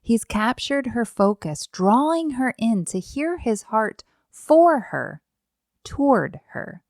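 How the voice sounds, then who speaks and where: A middle-aged woman hosts a devotional podcast, speaking earnestly and reflectively with rhetorical questions and repeated phrases. Her fairly high voice is sing-song, slow, and a little mellow, captured as clean studio sound with no echo.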